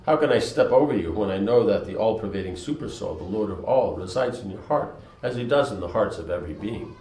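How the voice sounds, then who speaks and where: A man's voice: lowish voice, animated, fairly quick, a little mellow, echoey room, natural voice, rough recording. A man reading as a proud, commanding warrior prince.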